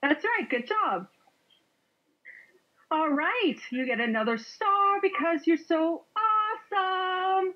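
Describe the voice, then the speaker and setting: A woman teaching English to a young learner over a video call, speaking slowly with exaggerated, sing-song cheer and playful sound effects. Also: extremely high pitch, expressive. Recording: muffled lo-fi online call audio.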